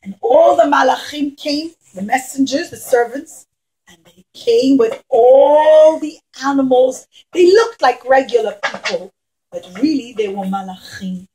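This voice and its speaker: A woman telling a puppet show story to young children, animated and talking straight to them. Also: high-pitched, a little slow, rough recording.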